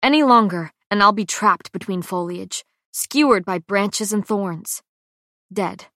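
A woman's voice: medium pitch, no echo, studio quality. Woman reading a tense first-person audiobook. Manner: tense, dramatic reading with quick shifts to hushed lines. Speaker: audiobook narrator.

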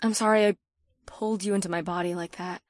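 A woman's voice: mid-range voice, steady tone, fast talker, no echo, clean studio sound, close to an everyday voice. A woman voicing Val, a shy, shaken young woman. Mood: bashful. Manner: soft, hesitant, trailing off. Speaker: audiobook voice actor. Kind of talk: dual-narration audiobook dialogue.

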